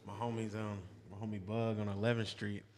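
A man's voice: fairly low pitch, level tone, fairly quick, a little mellow, a little hiss or hum. A man telling a rambling, slang-filled story in casual podcast chat.

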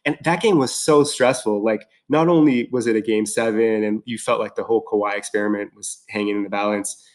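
A man chatting casually as a guest, excited and rambling, full of fillers and restarts. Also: fairly low pitch, brisk. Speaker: podcast guest. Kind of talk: casual chat.

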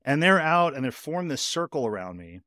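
A man hosting a podcast, telling a personal story in a casual, animated way, speeding up in bursts and saying "like" a lot. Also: a little high, fairly quick, no echo, clean studio sound. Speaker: podcast host.

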